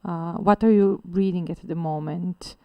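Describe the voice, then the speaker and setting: A woman's voice: on the low side, fairly even intonation, measured pace, creaky, dry recording, highs cut off. A woman interviewing a guest in English, asking questions hesitantly with many "uh"s.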